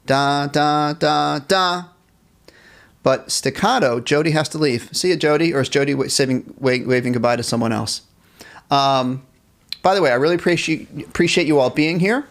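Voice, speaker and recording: A man's voice: mid-range voice, a little fast. A man teaching a live online band class, cheerfully reading chat questions aloud and encouraging students. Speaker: music teacher.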